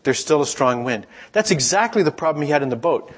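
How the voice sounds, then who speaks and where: A middle-aged man giving a sermon in a relaxed, conversational storytelling way, sometimes acting out the voices of people he quotes. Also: fairly high pitch, brisk. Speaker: pastor.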